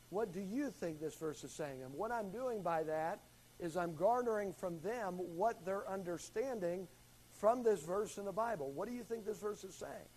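Man, high voice, Bible class teacher, calls on students and leans hard on key words. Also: a little mellow, low-quality recording. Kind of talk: classroom Bible lesson with questions.

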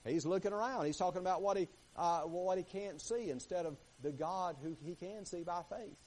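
A man delivering a sermon in a somewhat high voice. He swings between hushed, quiet stretches and emphatic, rising passages as he reads scripture aloud and talks to the congregation. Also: normal speed, poor audio. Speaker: preacher.

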